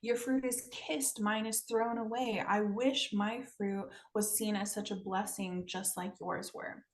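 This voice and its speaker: A woman's voice: medium pitch, fairly even intonation, measured pace, natural voice, rough recording. A woman voicing a sad, self-doubting female lemon tree in a spoken folktale, downcast and apologetic. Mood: sorrowful.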